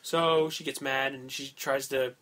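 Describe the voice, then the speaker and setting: A man's voice: medium pitch, fairly even intonation, a little slow, a bit bright. A man co-hosting a podcast, walking through events segment by segment in casual chat. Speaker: podcast co-host.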